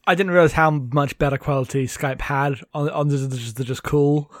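A man's voice: a little high, steady tone, moderate pace, dry recording, studio quality. A man co-hosting a podcast in casual chat, rambling and laughing often while recounting films over a remote call. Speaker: podcast co-host. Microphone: remote call mic.

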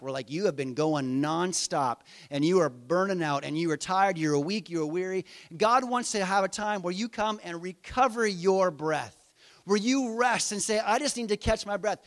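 A middle-aged man preaching a conversational sermon, asking his listeners rhetorical questions. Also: high voice. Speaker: pastor.

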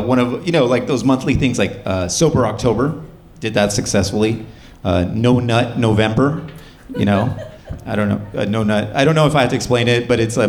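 A young man doing a stand-up comedy set, with a loose, wry delivery full of fillers. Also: medium pitch.

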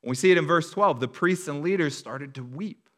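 A man preaching a sermon as a pastor, telling stories in an animated way and acting out the voices of a crowd. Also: on the high side, brisk.

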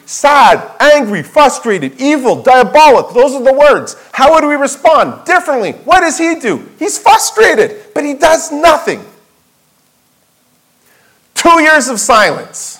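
A man's voice: sits high, very animated, measured pace, a bit bright, low-quality recording. A man preaching a sermon as pastor, emphatic, asking rhetorical questions and repeating key phrases for weight. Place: church sanctuary.

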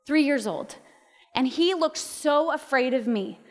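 A woman's voice: high-pitched, animated, unhurried, soft background music. A woman in her thirties giving a candid sermon testimony, telling stories with laughter and acted-out voices. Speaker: speaker. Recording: long hall reverb.

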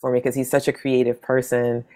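A woman in her forties, a guest in a casual conversation, telling stories and acting out the people she quotes. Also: brisk. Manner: animated, acts out quoted voices with big pitch jumps. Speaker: interview guest, zine maker.

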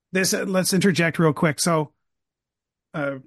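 A man hosting an interview, chatting casually with many quick asides and restarts. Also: fairly high pitch, dry recording, clean studio sound. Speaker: podcast host, interviewer.

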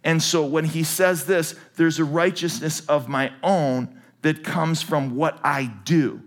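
A man preaching a sermon to a church congregation, animated and jokey. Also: a little high, slow pace. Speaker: pastor. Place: large church with balcony.

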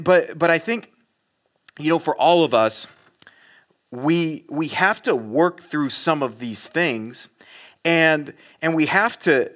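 A man preaching a sermon as a pastor, telling a personal story with animated, self-mocking asides and sudden hushed drops. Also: on the high side.

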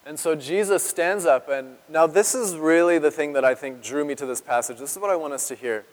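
A man preaching a sermon as pastor, earnest and emotional, with dramatic pauses and drops to a hush on key words. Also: on the high side. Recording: long reverb of a large hall.

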